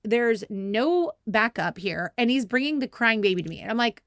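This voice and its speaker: A woman's voice: fairly quick, few pauses, no echo, clean studio sound. A woman in her thirties hosting a podcast, telling a story casually with lots of "like" and playful quoted voices. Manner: animated, acts out quotes in a higher voice, laughs often; heavy use of "like" fillers. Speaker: podcast host.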